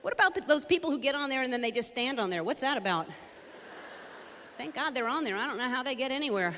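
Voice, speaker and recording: A woman's voice: sits high, expressive, fast, fairly bright tone, big-room sound, slight background noise. A woman doing observational stand-up on a theater stage, wry and questioning in her delivery. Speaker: stand-up comedian.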